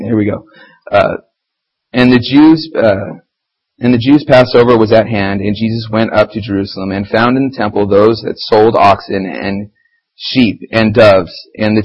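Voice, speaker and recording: A man's voice: mid-range voice, breathy edge, poor audio. A man giving an informal, conversational church sermon, reading scripture and getting heated as he talks. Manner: animated, conversational, grows heated when describing fighting Satan. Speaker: church lay preacher.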